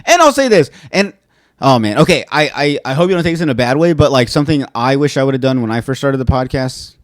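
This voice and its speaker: A man hosting a podcast, chatting casually and going off on animated, profane rants. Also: medium pitch, fast, no room sound, clean studio sound. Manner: animated, ranting, swears freely. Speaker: podcast host. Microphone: studio podcast mic.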